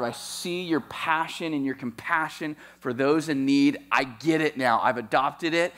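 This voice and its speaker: A man voicing an excited short tax collector who gushes about giving his wealth away. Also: fairly high pitch, lightly acted.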